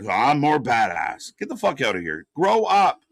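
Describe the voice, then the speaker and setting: A man's voice: medium pitch, huge pitch swings, measured pace, gravelly, dry recording. A man doing unscripted live watch-party commentary, ranting and swearing in exasperation.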